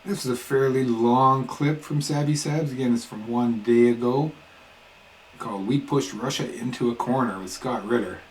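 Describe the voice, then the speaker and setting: A man's voice: medium pitch, moderate pace, slight background noise, poor audio. A man hosting casual reaction commentary, talking in a laid-back way with wry asides. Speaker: host.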